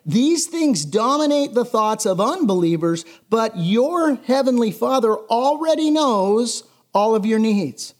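A man's voice: very high-pitched, expressive, unhurried, few pauses. A middle-aged male pastor giving a sermon in a conversational, emphatic way, often repeating himself for stress.

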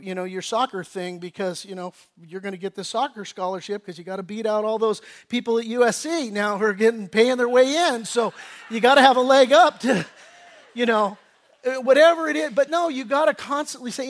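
A middle-aged man preaching a sermon in a high, light voice. As a pastor, he talks conversationally and tells stories, stumbling over and repeating words as he goes. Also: moderate pace. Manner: conversational storytelling with lively acted-out quotes.

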